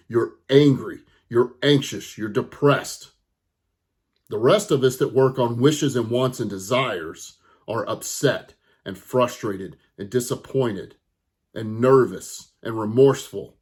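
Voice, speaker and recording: A middle-aged man, a therapist, lecturing straight to the viewer in a blunt, forceful, scolding way with some swearing. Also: medium pitch, breathy edge. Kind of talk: direct-to-camera lecture.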